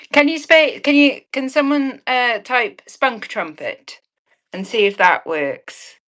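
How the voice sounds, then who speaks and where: A woman's voice: sits high, takes it slowly, a bit bright. A woman selling earrings on a live stream, chatting cheekily with viewers and swearing with a laugh. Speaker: online auction seller.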